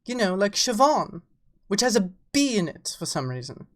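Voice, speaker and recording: An English-accented woman streams live, chatting casually and playfully and calling her viewers darling. Her medium-pitched voice has a sing-song lilt and moves at a moderate pace.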